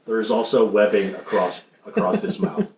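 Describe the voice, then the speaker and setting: A man narrating as game master of a tabletop game, halting with many ums and restarts. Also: lowish voice, big pitch swings, a crowd in the background. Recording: roomy, muffled stream audio with faint noise.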